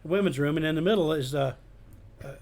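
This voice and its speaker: An older man, a retired police detective, telling animated anecdotes in a casual chat. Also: on the high side, fast. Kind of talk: casual storytelling.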